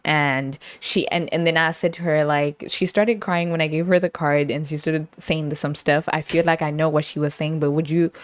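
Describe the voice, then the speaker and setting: A young woman hosting a podcast, chatting casually through an animated, rambling, slangy storytime and laughing often. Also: low voice, moderate pace, few pauses. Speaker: podcast host.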